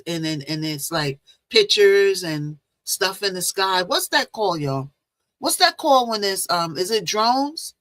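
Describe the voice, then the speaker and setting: A woman with a mid-range, somewhat bright voice runs her own livestream, telling a rambling dream story and greeting viewers as she goes. There's no echo, and she's using a phone or laptop with a Bluetooth mic.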